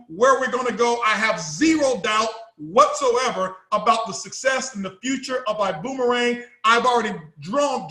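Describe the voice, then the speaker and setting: High, bright-voiced man preaching success. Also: roomy sound. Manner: emphatic, repetitive, preaching. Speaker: company CEO giving a motivational talk. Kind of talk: motivational speech.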